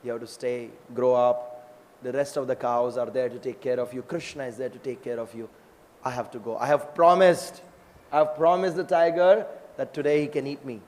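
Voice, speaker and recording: A man voicing a gentle, truthful mother cow in a storybook retelling, speaking softly and low. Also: moderate pace, natural voice. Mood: tender. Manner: soft, low and tender.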